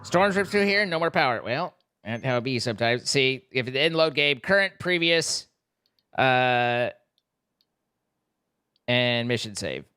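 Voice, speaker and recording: A man's voice: medium pitch, animated, unhurried, pauses often, bright, forceful tone, clean tone, no echo. A man streaming a game, chatting casually with viewers and reacting to the gameplay. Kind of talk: casual live-stream commentary. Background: game music.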